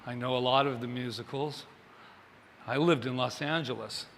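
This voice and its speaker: A man's voice: medium pitch, steady tone, normal speed, gravelly, a bit bright, long reverb tail, slight background noise. A male minister giving a Sunday sermon in a chatty way, joking with the congregation and asking them questions.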